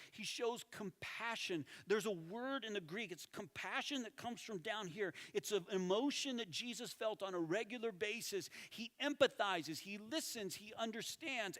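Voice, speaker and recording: A man preaching a sermon as lead pastor, animated, with emphatic repetition and quieter, intense passages. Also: high voice, a little slow. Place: church sanctuary. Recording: church hall with long reverb.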